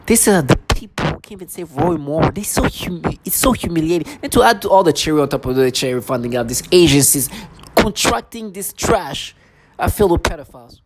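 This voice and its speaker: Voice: lively intonation, fairly quick, slight background noise. Agitated vlogger in a rambling monologue. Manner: intense, repetitive, mimics others in a lower voice.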